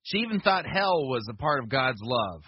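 A man's voice: mid-range voice, very animated, normal speed, breathy edge, no echo. A man giving skeptical, dismissive voice-over commentary. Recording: dull, dry, lo-fi voice-over.

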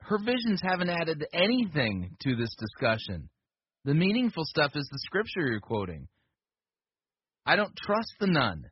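Man, skeptical commentary, husky voice, lively pitch, dry muffled recording. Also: moderate pace, no room sound. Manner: skeptical, dismissive. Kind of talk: critical voice-over commentary. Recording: dull, dry, lo-fi voice-over.

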